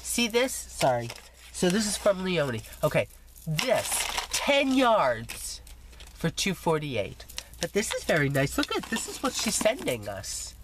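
A woman's voice: fairly low pitch, huge pitch swings, measured pace, background noise. A woman vlogger chatting casually as she shows crafting mail, gushing and teasing herself while getting over an illness. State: recovering from illness, coughing. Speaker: scrapbooking vlogger. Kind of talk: casual chat showing mail.

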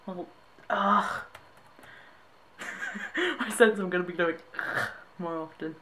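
A woman's voice: on the low side, unhurried, a bit bright, slight background noise. A young woman from Britain reacting to tweets in a casual vlog, amused, laughing often and restarting her sentences. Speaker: vlogger.

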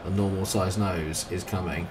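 Low-voiced southern English gaming host. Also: male voice, moderate pace, noisy background. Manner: jokey, chatty, excitable at goals. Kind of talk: casual gameplay commentary. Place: home flat.

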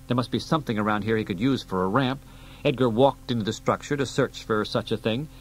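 A man reading an audiobook aloud in a steady storytelling delivery. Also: mid-range voice, a little fast, a little hiss or hum, poor audio. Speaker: audiobook reader. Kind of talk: audiobook narration.

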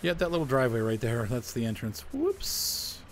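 A man's voice: medium pitch, fast talker, a little hiss or hum. A man hosting a casual gameplay video, chatting and grumbling about game glitches as he plays. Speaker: gaming video host.

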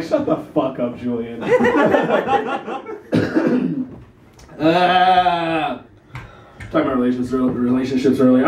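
A young man performs stand-up live in a small café, his voice pitched on the high side against some background noise. He pokes fun at himself and chuckles through his own jokes. The room is echoey and the mic sits at a distance.

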